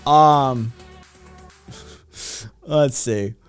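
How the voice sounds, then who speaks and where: A man's voice: mid-range voice, extremely slow, clear, resonant tone, no echo, faint music behind. A man hosting a casual livestream, reading statistics and chat messages aloud and reacting with profane, sardonic comments.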